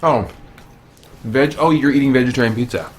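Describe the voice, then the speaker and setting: A man's voice: mid-range voice, normal speed, slight background noise. A man live-streaming a game, chatting playfully, laughing often and reading viewer comments aloud. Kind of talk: casual chat while live-streaming a game.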